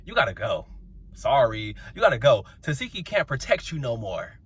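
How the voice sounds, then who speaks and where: A man hosting his channel, giving a sassy, slangy, dramatic recap of a reality show episode, with sudden high squeals. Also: sing-song, moderate pace, fairly bright tone, slightly rough.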